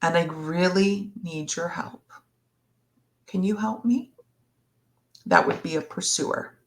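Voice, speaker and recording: A woman therapist in a live Q&A, speaking slowly and reflectively, sometimes acting out what a partner might say. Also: on the low side. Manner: slow, reflective, acts out partner's words. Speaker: relationship therapist. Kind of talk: live Q&A discussion.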